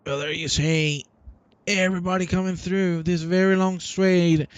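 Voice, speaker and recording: A man giving live sim racing commentary, teasing and cheering the drivers on in an excited, hyped way. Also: sits high, moderate pace, smooth, no echo, muffled recording.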